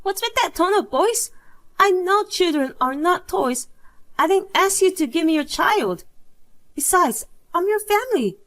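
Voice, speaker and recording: A woman's voice: very high voice, expressive, unhurried, fairly bright tone, voice pushed up, heavily acted. A woman's voice, probably synthetic, reading the lines of a pushy, self-centered young woman in a drama story. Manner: demanding, huffy.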